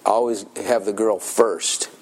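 A man's voice: fairly low pitch, steady tone, takes it slowly, darkish tone. An older man preaching a sermon in a folksy storytelling manner, chuckling often.

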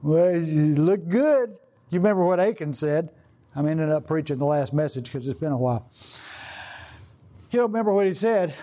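A man's voice: fairly high pitch, lively intonation, moderate pace, mellow. An older man preaching a sermon in a rambling, conversational way, full of "you know" and restarts. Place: outdoor gathering.

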